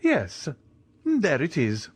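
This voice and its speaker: A man voicing an elderly Italian ex-major, timid and eager, in a high, quavering voice. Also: huge pitch swings, drawn-out words, husky, no room sound, heavily acted.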